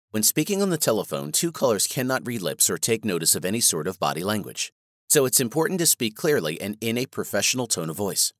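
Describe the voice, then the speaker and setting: Male course narrator, lowish, animated delivery, dry booth. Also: dry recording. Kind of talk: scripted instructional narration.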